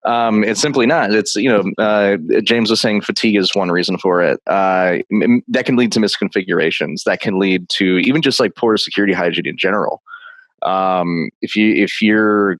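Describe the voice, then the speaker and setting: Male guest, very deep voice, dry sound, loose and joking. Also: normal speed, fairly bright tone, no echo, poor audio. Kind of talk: casual video call interview.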